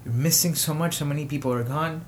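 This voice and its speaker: A man hosting his own show, giving personal commentary with emotion, pausing often and rising to indignation. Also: fairly high pitch, slight background noise. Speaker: podcast host.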